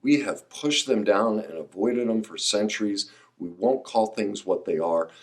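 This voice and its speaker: A man's voice: fairly low pitch, measured pace. Passionate, emphatic male podcast host. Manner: emphatic, preachy, rising to excited outbursts. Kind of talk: passionate solo podcast monologue.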